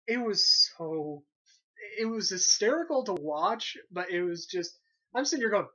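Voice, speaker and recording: An animated, sarcastic young man riffs through a casual movie review, swearing offhandedly as he mocks what he watched. The sound is dull and lo-fi. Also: high-pitched, a little slow. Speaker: movie reviewer, site host.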